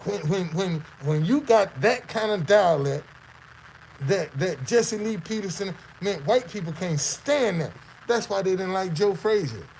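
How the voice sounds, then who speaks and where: A man's voice: high voice, lively intonation, a little slow, creaky, darkish tone, slight background noise, poor audio. A man from the Southern United States with a Southern accent, hosting casual commentary on a clip; he talks emphatically, repeats phrases and throws out rhetorical questions. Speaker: host.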